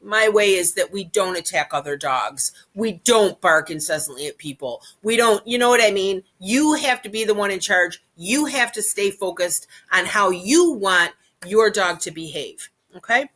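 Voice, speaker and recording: A woman's voice: mid-range voice, lively intonation, normal speed, few pauses, a bit bright. A woman giving casual, chatty dog training advice, often repeating her points and checking in with "okay?". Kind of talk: informal instructional talk.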